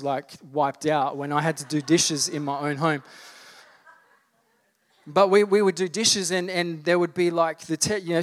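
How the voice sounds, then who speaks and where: A man in his thirties preaching a sermon, telling humorous childhood stories in a loose, conversational way before building to fervent preaching. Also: on the high side. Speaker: pastor.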